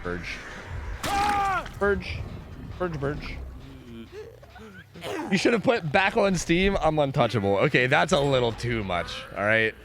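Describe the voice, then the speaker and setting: Animated young male streamer. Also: a little high, slow pace, pauses often, a crowd in the background. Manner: chatty, swearing, lots of "like" and restarts. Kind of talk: casual gameplay commentary.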